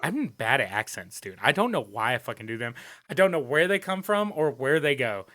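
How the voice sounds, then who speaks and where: A man's voice: medium pitch, very animated, a little fast, fairly bright tone, dry recording. A young man co-hosting a podcast, talking in a loose, joking way with a lot of swearing and laughter. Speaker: podcast co-host. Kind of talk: casual chat.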